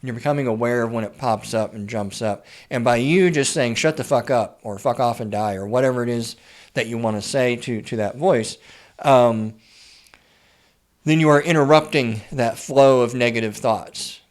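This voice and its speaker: A man's voice: mid-range voice, moderate pace. Blunt, stammering man giving advice. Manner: frequent stammered word repeats; blunt, swears freely. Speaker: writer and therapist. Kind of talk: casual advice monologue.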